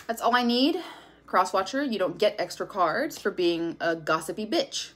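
A woman's voice: medium pitch, animated, moderate pace, fairly bright tone. A woman giving a casual tarot reading to camera, blunt and profane, laughing often. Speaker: tarot reader.

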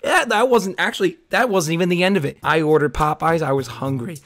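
A young man streaming live and reacting to clips, excitable, swearing often and laughing a lot. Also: fairly high pitch, brisk, over music.

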